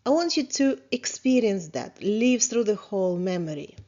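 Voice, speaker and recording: A woman therapist leading a guided self-reflection lesson, talking calmly and asking many questions, with small grammar slips. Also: mid-range voice. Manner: slow, calm, questioning, with small grammar slips of a non-native speaker. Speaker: therapist teaching a course. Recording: slightly dull lo-fi sound.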